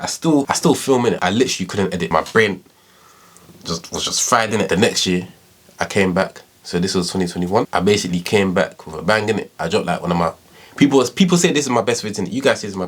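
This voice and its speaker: Deep-voiced young London man, husky and quick. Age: 20s. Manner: slangy, rambling, reflective, frequent tag questions. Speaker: YouTuber. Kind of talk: casual storytelling vlog.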